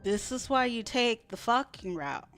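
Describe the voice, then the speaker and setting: A woman's voice: fairly high pitch, lively intonation, unhurried, fairly bright tone, faint music behind. A young woman streaming a story game, reading its text aloud and reacting bluntly and sarcastically, with frequent swearing. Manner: blunt, sarcastic, swears freely at the game's choices.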